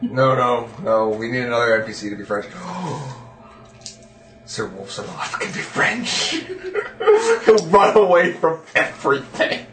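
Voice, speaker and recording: A man's voice: mid-range voice, sing-song, measured pace, echoey room, far from the mic, very noisy. A man playing in a tabletop game, joking and often laughing. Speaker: player. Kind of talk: casual tabletop chat.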